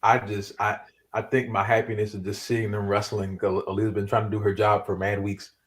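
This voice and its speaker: A man's voice: lowish voice, level tone, brisk. A man co-hosting a podcast, talking casually in slang with frequent restarts. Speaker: podcast co-host.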